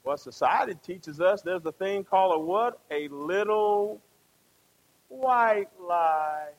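A man's voice: on the high side, sing-song, unhurried, highs cut off. A man preaching a conversational sermon, often asking the congregation questions and tagging them with "right?".

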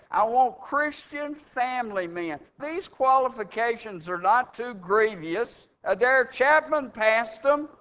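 A man preaching with a high, resonant voice. He hammers his points home with rhetorical questions and mocking asides, and his voice rises to loud stresses. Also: clear, resonant tone. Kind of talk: sermon.

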